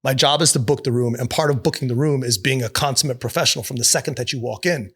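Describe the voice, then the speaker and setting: A man being interviewed as an actor and producer, telling stories in a lively, profane way and acting out the people he quotes. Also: mid-range voice, fast, husky. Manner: animated, profane, acts out quotes. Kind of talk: casual interview storytelling. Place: studio with city view.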